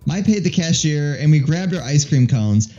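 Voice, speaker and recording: Male let's-play host, mellow voice, dull recording with soft music. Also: a little high, expressive, normal speed. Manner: playful, laughing, reads the narration. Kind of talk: reading a visual novel aloud with a partner.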